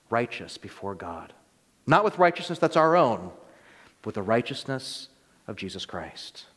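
A man preaching a sermon as pastor, reading scripture slowly and telling quick stories with rising emphasis. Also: medium pitch. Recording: long reverb of a church hall.

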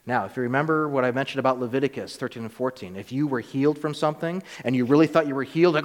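A man preaches fast, with few pauses, his medium-pitched voice carrying a big-room sound. His sermon is conversational, and he sometimes performs the voices of the biblical figures he describes.

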